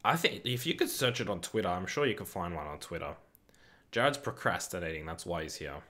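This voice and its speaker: A young man from the UK hosting a football watch-along stream, chatting casually, reading chat aloud, swearing and getting excitable. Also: low-pitched, fairly quick.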